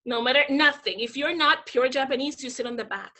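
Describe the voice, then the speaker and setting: Bright high-voiced hyper woman. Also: brisk. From Dominican Republic. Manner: hyper, animated, acts out quoted voices. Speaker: guest. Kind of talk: casual interview storytelling.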